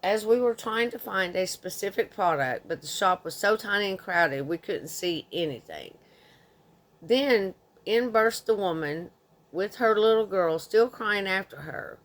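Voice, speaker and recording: A woman's voice: mid-range voice, lively intonation, a little slow. A woman in her thirties reading a forum story aloud in an indignant, conversational way. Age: 30s. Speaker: narrator.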